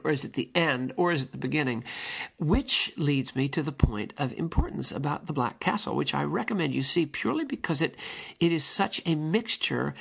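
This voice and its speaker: Gravelly musing man talking old films. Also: fairly high pitch, a bit bright. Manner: rambling, musing, many ums and restarts. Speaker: podcast host. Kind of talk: film commentary monologue.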